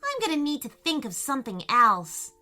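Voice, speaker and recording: A woman's voice: high-pitched, huge pitch swings, moderate pace, bright, forceful tone, heavily acted. A woman voicing an eager, polite little male bird in a children's storybook. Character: cheerful tiny helpful male bird.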